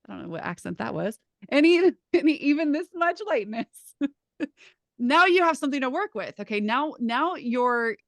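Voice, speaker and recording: A woman teaching a live class in a casual, lively way, swearing now and then and restarting her sentences. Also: medium pitch, no echo, studio quality. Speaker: class facilitator.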